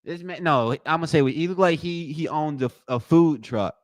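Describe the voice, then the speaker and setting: A young man commentating a live watch party, joking with his chat in a slangy, excitable way. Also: normal speed, no room sound, studio quality. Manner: excitable, joking, slangy, bursts into high-pitched reactions.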